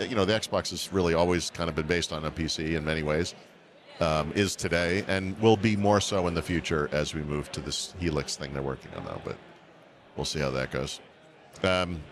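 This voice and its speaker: Brief: low-voiced man, wry podcast co-host, rambling chat. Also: a bit bright. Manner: rambling, wry, self-correcting. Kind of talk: casual tech chat.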